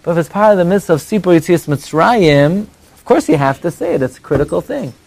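Animated high-voiced man teaching a class. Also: vocal fry, no room sound. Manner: animated and conversational, jumps between high exclamations and low asides; quick rhetorical questions and mock dialogue. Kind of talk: evening Torah class before a live audience.

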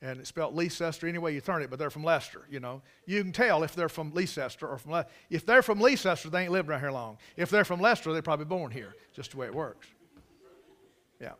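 During a church service, a man preaches in a Carolina Southern drawl, telling folksy stories to the congregation with emphatic asides. His pitch is fairly high, his delivery fast, and his tone sharp.

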